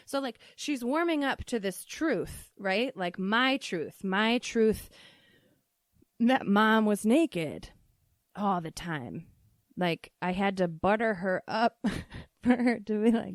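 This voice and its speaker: Laughing, unhurried woman podcast host. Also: medium pitch, no echo, studio quality. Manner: laughing, swearing, animated. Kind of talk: casual comic storytelling.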